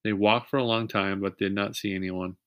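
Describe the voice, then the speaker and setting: A man reading a children's chapter book aloud in a steady voice, pausing now and then to ask young listeners questions. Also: on the low side, dry recording, dull audio. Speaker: reader.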